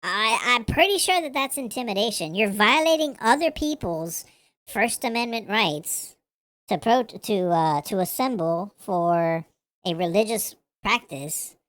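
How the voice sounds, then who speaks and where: A woman's voice: medium pitch, lively intonation, measured pace, a bit bright, dry recording. A woman hosting a reaction commentary, talking bluntly and profanely, with lots of fillers. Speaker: commentary host.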